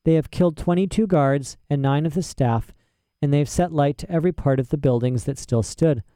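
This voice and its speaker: A man voicing a calm, ageless female witch queen in a storybook reading, speaking in a measured, grave way. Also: fairly high pitch, clean tone, no echo, clean studio sound, natural voice.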